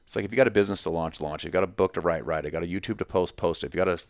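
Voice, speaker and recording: A man's voice: deep voice, rapid-fire, no room sound. A man talking as a podcast guest in casual conversation, emphatic and story-driven, with punchy repetitions.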